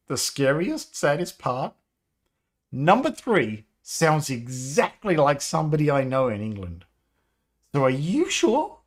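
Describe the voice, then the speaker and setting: Lively, chatty man in his fifties. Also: fairly high pitch, unhurried. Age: 50s. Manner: rambling, nostalgic, laughs often. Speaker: game developer livestreamer. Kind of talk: casual live-stream chat.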